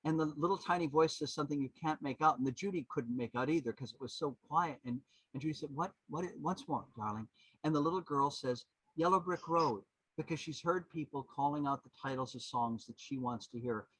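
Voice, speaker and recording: A man in his seventies, a podcast guest and historian, telling anecdotes in an animated, rambling way with many restarts. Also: mid-range voice, brisk, slightly rough, dry recording, rough recording. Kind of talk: anecdotal storytelling.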